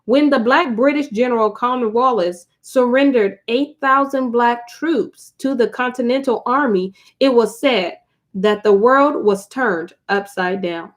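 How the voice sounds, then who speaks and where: A woman's voice: fairly high pitch, a little slow. A woman hosting a casual live stream, reading a book aloud to her viewers, chatty and prone to digressions and asides.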